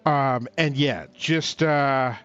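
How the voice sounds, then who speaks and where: Slow, halting man on a talk stream. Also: mid-range voice, a bit bright, clear, resonant tone, lo-fi sound, soft background music. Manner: slow, halting, with many fillers and restarts. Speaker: talk show co-host. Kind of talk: casual discussion on a livestream talk show.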